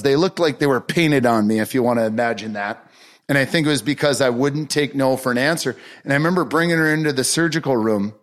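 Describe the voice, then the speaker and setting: Man, motivational podcast talk, earnest, emphatic, fairly high voice. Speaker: podcast speaker.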